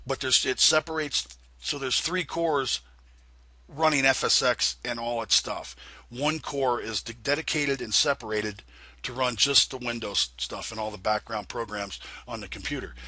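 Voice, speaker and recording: A man's voice: medium pitch, pushed and bright, slightly rough. A man giving a casual screen-recorded tutorial, rambling and repeating himself with many ums and uhs as he explains settings. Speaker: flight sim tutorial maker.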